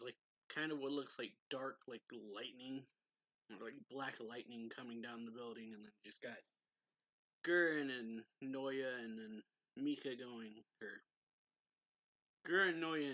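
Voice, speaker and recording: A man's voice: medium pitch, pushed and bright, muffled recording. A man giving a casual recap as an anime reviewer, retelling loosely with lots of "like" and frequent laughs. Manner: loose retelling, many likes, laughs often.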